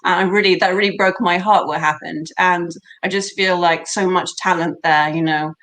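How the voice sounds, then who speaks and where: British actress guest, chatty interview tone, lowish voice, warm laughs in her talk. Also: moderate pace. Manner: animated, laughing, many fillers. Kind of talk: casual interview chat.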